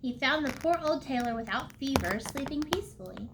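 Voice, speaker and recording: At a library storytime, a woman reads a storybook aloud in a slightly high voice, animated and unhurried. She makes small slips and occasionally clears her throat, while a faint hiss sits beneath the audio.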